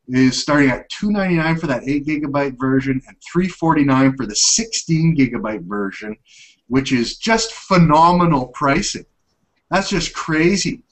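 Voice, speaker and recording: A man's voice: medium pitch, poor audio. A man hosting a casual tech podcast, chatty and upbeat, rambling as he talks. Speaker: tech show host.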